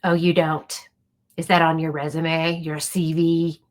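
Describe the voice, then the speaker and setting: A woman putting on a low, mocking voice to imitate a condescending male trial lawyer in a commentary video. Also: level tone, a little slow. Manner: sarcastic, lowered mock voice.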